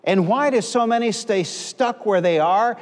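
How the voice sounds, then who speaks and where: A middle-aged man preaching as pastor of a church, leading call-and-response and rising to shouts. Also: high voice, a little slow. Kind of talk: preaching a sermon. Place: church sanctuary. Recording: reverberant church hall.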